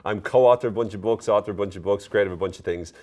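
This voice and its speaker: A man's voice: lowish voice, racing, darkish tone. An Irish man casually explaining his country's slang to camera, joking and laughing at himself as he goes. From Ireland. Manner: playful, jokey, laughs at himself.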